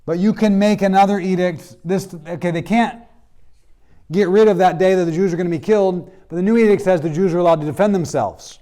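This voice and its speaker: A man teaching a Bible history class delivers his lecture in a brisk, mellow, high-pitched voice. He narrates casually and voices the characters himself, while students occasionally chip in.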